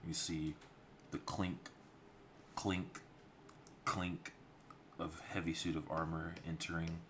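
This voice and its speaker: A man with a very deep voice talks loosely through his story beats, full of fillers and asides. Clear keyboard typing and clicks run behind him. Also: level tone, takes it slowly, fairly bright tone, slight background noise. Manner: loose and rambling, lots of fillers. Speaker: storyboard artist streaming. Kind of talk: casual livestream narration.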